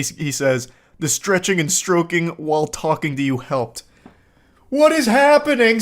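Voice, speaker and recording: A man in his thirties hosting reaction commentary, reading dating texts aloud with incredulous, crude outbursts. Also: high voice. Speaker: commentary host.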